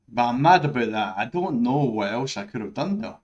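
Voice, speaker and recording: A man's voice: medium pitch, a little mellow, highs cut off. A man giving frustrated, ranting commentary over his own gameplay, swearing often. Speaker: gaming streamer.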